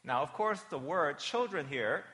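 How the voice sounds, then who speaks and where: A man's voice: a little high, lively intonation, a little slow, pushed and bright. A pastor in his forties giving a chatty children's sermon during a worship service, often checking in with "right?" and "okay?". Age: 40s. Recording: long reverb of a church hall.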